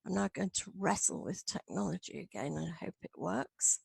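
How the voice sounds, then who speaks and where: A middle-aged woman academic reading her paper aloud in a measured, earnest way. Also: lowish voice, vocal fry, slightly rough, dry recording, poor audio. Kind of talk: read-aloud lecture.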